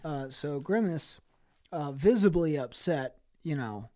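A man co-hosting a podcast, telling an absurd improvised story in a deadpan way with many fillers. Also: fairly high pitch, slow. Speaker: podcast co-host. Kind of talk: casual comedic improv chat.

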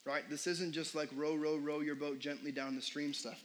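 A man's voice: fairly high pitch, fairly even intonation, fairly quick, a bit bright, poor audio. A young adult man preaching a sermon as pastor in a casual, conversational way, full of fillers and questions put to the congregation.

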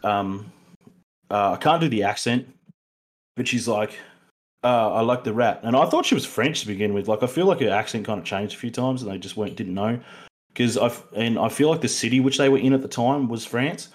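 A man's voice: medium pitch, a little fast. A young Australian man co-hosting a casual film review podcast, rambling with many fillers and restarts. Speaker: podcast co-host.

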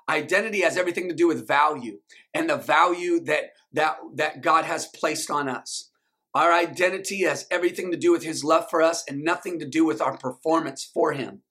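A man's voice: fairly high pitch, moderate pace, pushed and bright. A male pastor, preaching a sermon and leading the congregation in call-and-response.

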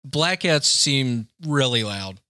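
A man from Tennessee chatting casually on a podcast, making goofy deadpan jokes and laughing easily. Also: mid-range voice, takes it slowly, no echo, clean studio sound. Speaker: comedian guest.

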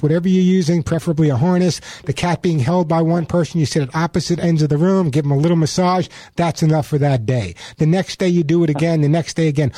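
A man's voice: a little high, dark tone, dry recording, studio quality. A man hosting a call-in radio pet show, chatty and emphatic, often repeating words as he gives advice. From New York.

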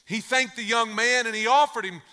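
Brief: male pastor, high bright voice, emphatic storytelling with repeated refrains, long church-hall reverb. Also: steady tone, fairly quick, smooth. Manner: emphatic, repeats phrases for effect. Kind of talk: sermon with storytelling.

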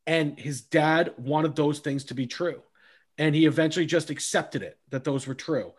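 A man's voice: on the high side, moderate pace, slightly rough. A man co-hosting a podcast, talking about films in a casual, enthusiastic way, swearing freely and restarting his sentences. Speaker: podcast co-host. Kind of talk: casual movie chat.

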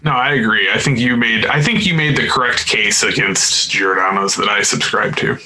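A man's voice: on the low side, moderate pace, crowd noise, low-quality recording. A man co-hosting a podcast, trading dry, playful banter in casual chat. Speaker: podcast co-host.

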